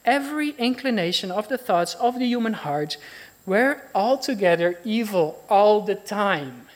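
A woman's voice: medium pitch, expressive, measured pace. A woman preaching a sermon in an earnest, reflective manner.

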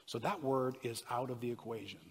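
A man preaching a sermon to a congregation, moving from conversational asides to loud, impassioned passages and asking the room direct questions. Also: mid-range voice, a little fast, slightly rough. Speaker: pastor. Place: church sanctuary. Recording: preached in a reverberant hall, soft guitar behind.

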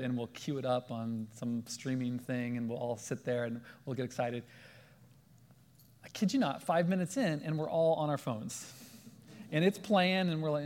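Male preacher, lively storyteller, slightly high voice, long hall reverb. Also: a little slow, long pauses. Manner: animated, acts out quoted voices. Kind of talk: sermon with storytelling.

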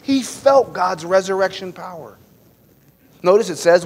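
A man preaching a sermon with impassioned emphasis, swinging from loud to hushed. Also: high-pitched, expressive, a little slow, breathy edge. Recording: long hall reverb, faint noise.

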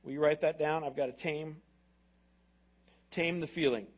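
Energetic man preaching, high voice, slightly muffled recording. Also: normal speed. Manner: energetic, repetitive, acts out quotes. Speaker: pastor. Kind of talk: sermon.

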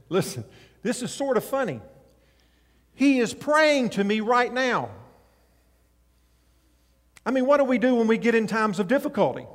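A man preaching a sermon as pastor, animated, acting out voices from scripture and swinging between loud and soft. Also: very high-pitched, unhurried, long pauses, in a large hall. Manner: animated, acts out voices in scripture, rises and drops in volume.

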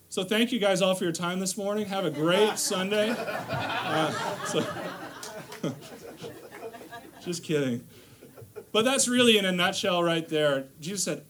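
A man's voice: on the high side, expressive, moderate pace, a bit bright. Chatty self-deprecating church speaker, man. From northern United States. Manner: chatty and self-deprecating, with many fillers and restarts. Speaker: guest lay preacher. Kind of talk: casual sermon. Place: church sanctuary.

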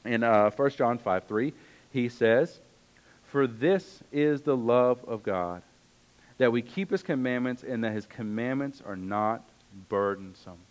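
A man's voice: medium pitch, animated, measured pace, low-quality recording. Conversational man preaching a sermon. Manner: earnest, conversational preaching with asides. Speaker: pastor.

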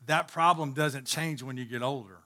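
A man's voice: mid-range voice, normal speed, pushed and bright. A man preaching a sermon to his congregation as pastor, speaking emphatically, repeating phrases for stress, and addressing listeners directly.

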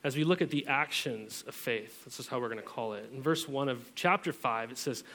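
A man's voice: mid-range voice, a little fast, pushed and bright. A man in his thirties, a pastor giving a sermon in a church, talking in a casual, chatty way with many fillers.

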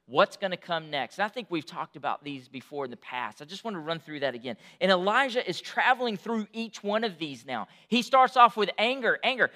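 A pastor preaching a sermon in a conversational way that swells to loud, emphatic peaks. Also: male voice, high voice, expressive, a little fast, hardly any pauses.

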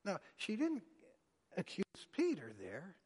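A man preaching a sermon, dramatically acting out the quoted lines with big swings in loudness. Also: high voice, huge pitch swings, slow, husky. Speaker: pastor. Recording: long hall reverb.

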